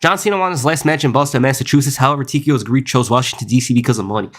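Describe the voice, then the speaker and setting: A man's voice: mid-range voice, racing. A young man streaming live, reading chat aloud and riffing on it in a rambling, casual way, often saying "bro" and "listen.".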